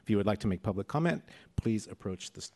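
A man's voice: lowish voice, animated, fast talker, vocal fry, warm tone. A man running public comment at a city commission meeting, reading procedural rules and announcements in a businesslike way.

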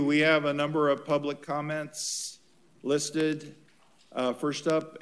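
A man chairing a city council meeting as mayor, casual and good-humored. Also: medium pitch.

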